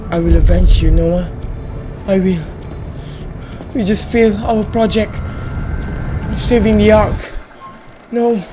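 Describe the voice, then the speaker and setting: A man hosting a gaming channel, giving excitable let's play commentary, yelling at enemies and laughing. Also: high-pitched, takes it slowly, pauses often, music in the background.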